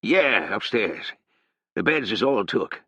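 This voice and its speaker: A man's voice: on the low side, big pitch swings, slow pace, bright, forceful tone, husky, no room sound, exaggerated voice. A man voicing a gloomy, fatalistic old ragpicker who talks in a drawling, mournful rural manner, for an audiobook. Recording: dull, dry sound.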